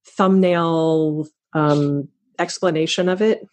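A woman in her fifties hosting a podcast over a remote call, enthusiastic and quick to laugh. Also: low-pitched, fairly even intonation, darkish tone. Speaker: podcast host. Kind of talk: casual interview chat. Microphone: remote call recording.

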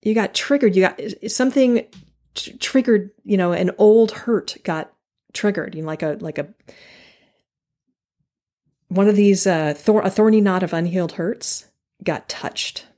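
A woman hosting her own podcast, speaking alone to the listener. She talks in an earnest, animated way, repeating phrases for emphasis and restarting mid-sentence as her thoughts run ahead. Her voice sits at a middle pitch. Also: a little slow, pauses often. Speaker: podcast host. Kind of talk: solo podcast monologue.

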